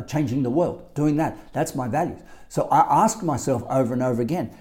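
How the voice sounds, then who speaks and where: A life coach with an Australian accent talks alone into his podcast mic. His voice sits mid-pitched and mellow rather than bright. He leans on his points emphatically, circling back to repeat them. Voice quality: emphatic, repetitive. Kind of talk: solo podcast monologue.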